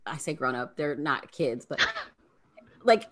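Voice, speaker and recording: A woman in her thirties co-hosting a podcast in casual chat, animated and laughing often. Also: sits low, measured pace, background noise. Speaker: podcast co-host.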